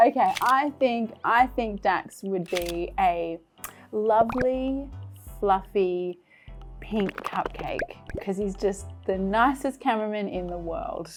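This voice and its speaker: A woman's voice: medium pitch, slow, a little mellow, faint music behind. A woman hosting a cooking show, mouth burning and eyes teary from chili, exclaiming and laughing between gasps in casual chat. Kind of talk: casual food challenge chat. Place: kitchen studio.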